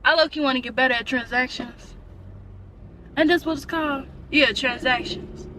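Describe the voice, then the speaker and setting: A young woman vlogging in her car, ranting in an animated, exasperated way with lots of slang. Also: high-pitched, moderate pace, recorded from a distance, slight background noise, rough recording. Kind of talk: casual chat.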